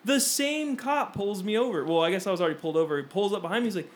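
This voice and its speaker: High-voiced young man telling stories. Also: racing. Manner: animated storytelling, acts out quotes. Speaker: podcast co-host. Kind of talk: casual podcast chat.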